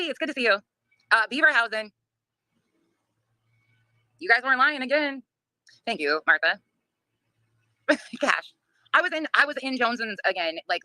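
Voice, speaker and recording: A woman's voice: medium pitch, sharp tone, dry recording, clean studio sound. A woman hosting a livestream, ranting in a blunt, profane, laughing way while reading chat. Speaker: livestream host. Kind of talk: casual livestream rant.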